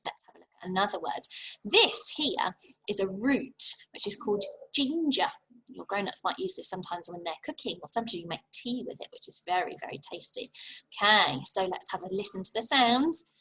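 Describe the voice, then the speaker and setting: A young English woman teaching a phonics lesson to young children, sounding out letters slowly and praising them warmly. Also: mid-range voice, animated, breathy edge, rough recording. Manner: slow, exaggerated sounding out of letters; encouraging and praising. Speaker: infant school teacher.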